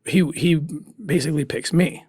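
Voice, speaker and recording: A man recounts his past fieldwork as a guest in an interview, his voice a little higher than most men's. He is earnest and emotional, pausing and starting over as he goes. The sound is dry and close, with no room around it. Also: darkish tone, husky, no echo. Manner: earnest and emotional, with restarts and pauses. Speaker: guest, former special agent. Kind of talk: personal story told in an interview.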